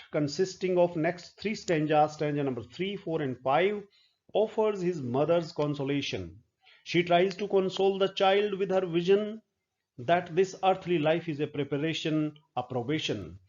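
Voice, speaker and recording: A middle-aged male professor lectures on poetry at a very unhurried pace, his voice sitting a little high for a man. He explains each point deliberately, pausing with the odd filler. The recording sounds dull and lo-fi. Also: darkish tone. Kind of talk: literature lecture.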